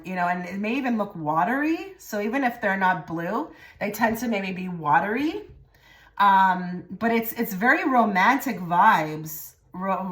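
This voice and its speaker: A woman giving a pick-a-card tarot reading to her viewers, rambling and repeating herself, often trailing into soft murmured phrases. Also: fairly low pitch. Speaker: tarot reader.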